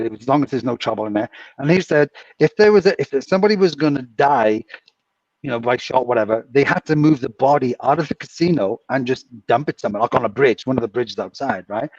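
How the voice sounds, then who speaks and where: A man's voice: medium pitch, slightly rough, no echo, distant mic, lo-fi sound. A man co-hosting a casual chat, telling a long, rambling anecdote and chuckling through it. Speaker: co-host.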